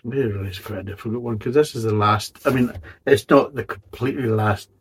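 A man's voice: lowish voice, brisk, slightly rough. A man giving a casual spoken beer review, blunt and rambling, swearing often in exasperation.

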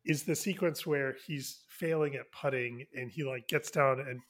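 A man co-hosting a podcast in casual chat, partly talking softly and whispering. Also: mid-range voice, normal speed. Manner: chatty, whispering later to keep quiet. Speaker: podcast co-host.

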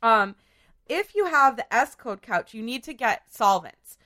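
A woman hosting a podcast in a casual chat, hoarse from a cold, chatty and full of fillers. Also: fairly high pitch, animated, measured pace, sharp tone. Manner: chatty, filler-heavy, laughs often. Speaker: podcast host.

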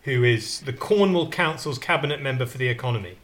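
A man's voice: mid-range voice, lively intonation, fairly quick, a bit bright. A man chatting casually as a podcast co-host, rambling, self-mocking and jokey. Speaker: newspaper columnist and podcast co-host. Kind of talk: casual comic chat.

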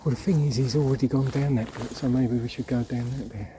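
A man hiding outdoors, talking in hushed, urgent whispers into a handheld camera. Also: medium pitch, steady tone, quick pace. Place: outdoors on a hillside among bushes. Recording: outdoor camera audio with clear background noise.

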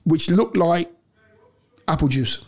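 A middle-aged man, a former footballer and podcast guest, telling a lively anecdote and often laughing. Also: on the high side, slow, husky. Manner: animated storyteller, laughs often, acts out quotes. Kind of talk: storytelling anecdote in a podcast interview.

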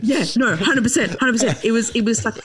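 Telling a wild story as a podcast guest, a young woman laughs and swears through a casual storytelling chat. Her slightly high, expressive voice moves fast over a noisy crowd, with a dry, slightly distant mic.

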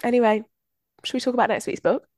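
A woman co-hosting a podcast, telling lively anecdotes in casual chat and laughing often. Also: on the high side, quick pace, music in the background. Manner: chatty, animated anecdotes with frequent laughter. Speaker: podcast co-host.

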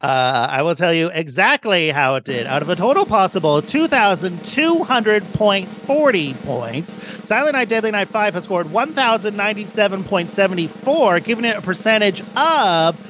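A man's voice: sits high, expressive, normal speed, hardly any pauses, noisy background. A man hosting a casual movie-rating podcast, laughing often and reading out scores. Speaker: podcast host. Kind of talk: casual chat.

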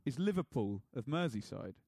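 A man's voice: mid-range voice, big pitch swings, moderate pace, darkish tone, husky, dry recording. A man co-hosting a podcast in casual chat, jokey and laughing often as he reads out listener messages. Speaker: podcast co-host.

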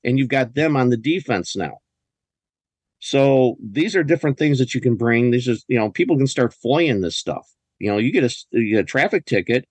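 A man's voice: mid-range voice, lively intonation, normal speed, slightly rough, no room sound. Indignant man telling courtroom stories. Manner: emphatic, indignant, with frequent restarts. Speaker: guest. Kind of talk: casual conversational storytelling. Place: lives in a US state.

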